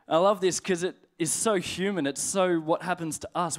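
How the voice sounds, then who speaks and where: A man preaching a sermon in a conversational, humorous way, slowing down to read scripture aloud. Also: on the high side, steady tone. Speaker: pastor.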